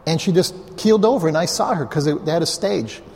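A pastor man preaching live to a congregation, his fairly high voice carrying a long hall reverb. He tells the story casually and turns to the listeners with asides. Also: fast, a little mellow. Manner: conversational, anecdotal, with asides to the congregation. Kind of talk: storytelling sermon. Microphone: clip-on mic.

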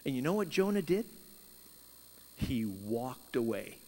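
A man preaching a sermon, telling a Bible story with lively emphasis and acting out the characters' words. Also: medium pitch, a little slow, long reverb tail. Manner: animated storytelling, voicing Jonah and God in quoted lines. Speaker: pastor.

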